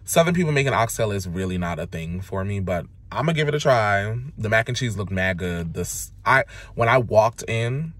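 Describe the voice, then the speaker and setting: A man's voice: normal speed, hardly any pauses. Sassy, dramatic man vlogging food. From Jamaica. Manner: dramatic, sassy and expressive, swinging between loud exclamations and low asides. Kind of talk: casual chatty vlog. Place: in a car, out and about, then at home. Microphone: handheld camera or phone.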